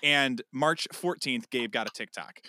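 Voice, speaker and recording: A man co-hosting a casual chat podcast, telling an animated story and acting out a phone call. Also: medium pitch, unhurried, dry recording, studio quality. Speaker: podcast co-host.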